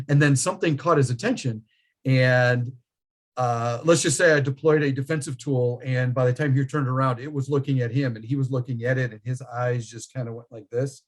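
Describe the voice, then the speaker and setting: A man's voice: medium pitch, moderate pace. A middle-aged man, a firearms trainer, telling stories in casual chat and laughing often. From New York state. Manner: animated storyteller, laughs often.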